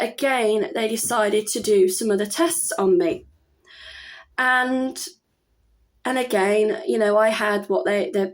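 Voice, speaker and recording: A woman in her thirties talking casually at home about her own experience, rambling and chatty with many fillers and restarts. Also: a little high. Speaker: vlogger. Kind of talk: casual personal talk to camera.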